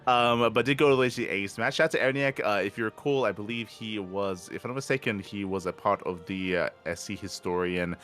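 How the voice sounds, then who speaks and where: A man co-hosting a casual esports podcast, recapping results in a relaxed, hedging way and often affirming his co-host. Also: on the low side, fairly quick, few pauses.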